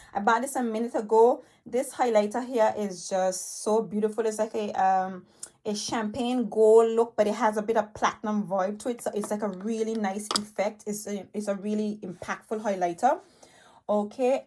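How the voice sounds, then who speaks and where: A woman with a mid-range, slightly mellow voice gives a chatty review of her favorite beauty products, talking excitedly with plenty of fillers and a little out of breath. She holds a tablet to record in a home room cluttered with makeup.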